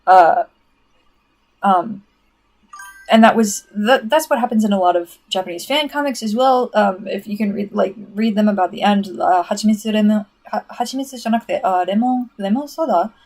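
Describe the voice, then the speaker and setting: Give me a chatty, excitable woman ranting casually on a livestream and answering her chat. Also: mid-range voice, moderate pace.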